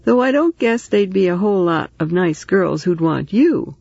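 Man doing a talkative motherly woman, comforting, teasing, raised pitch, gravelly, storybook. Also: lively intonation, normal speed, darkish tone, no room sound, dull audio, heavily acted. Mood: chatty. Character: chatty motherly Southern woman neighbor.

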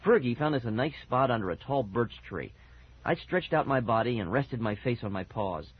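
A man narrates a children's story with expressive reading. His pitch moves a great deal and his voice has a husky, breathy edge. The recording is dull and lo-fi. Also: moderate pace, dry recording. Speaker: audiobook narrator.

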